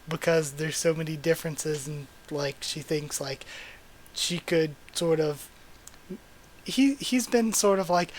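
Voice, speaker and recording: A man hosting a live manga reading and reaction, excited and gushing as he talks through the pages. His voice sits a little on the high side for a man. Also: takes it slowly. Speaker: channel host.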